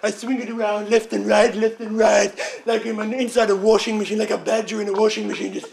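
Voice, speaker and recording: A man with a high, gravelly voice spins a rambling stand-up story. He is excitable and profane and keeps laughing at his own bits as he goes. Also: fairly quick, crowd noise. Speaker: stand-up comedian.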